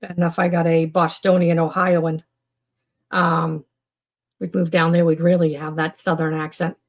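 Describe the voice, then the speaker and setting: A woman's voice: low voice, level tone, a little slow. A woman hosting a casual live stream about mental health. She rambles, restarts her sentences and fills them with "you know" and "um" as she chats with viewers in the comments. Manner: rambling, with many fillers and restarts.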